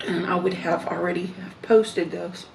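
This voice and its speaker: A woman chats casually in a slow, rambling way, trailing off into fillers as she eats. Her voice is gravelly and sits low. Faint room noise hums behind her. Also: steady tone, darkish tone. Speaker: mukbang vlogger. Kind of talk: casual chat while eating.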